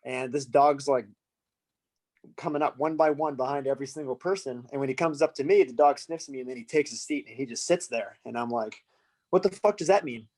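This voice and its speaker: A man's voice: mid-range voice, fairly quick, darkish tone. A man from the United States, a musician guest on a podcast, telling a loose, laughing anecdote full of fillers. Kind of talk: casual storytelling.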